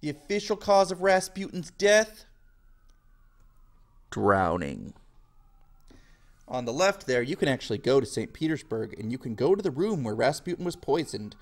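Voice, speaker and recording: A man's voice: medium pitch, big pitch swings, normal speed, pauses often. A male history teacher giving a casual video lecture in a jokey style full of slang.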